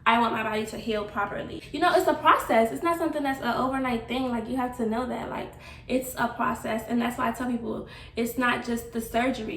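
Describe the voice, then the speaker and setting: A woman's voice: a little high, a bit bright, a little hiss or hum. A young woman giving a candid vlog update, chatty and blunt, swearing casually. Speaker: vlogger. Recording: echoey room, slightly distant mic.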